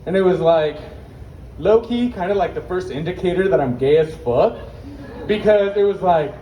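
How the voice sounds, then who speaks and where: This is stand-up storytelling from a young man at an outdoor market open mic: brash, profane, and at times breathless. His high-pitched voice is warm and expressive at a moderate pace, heard from a distance with echo and faint background noise.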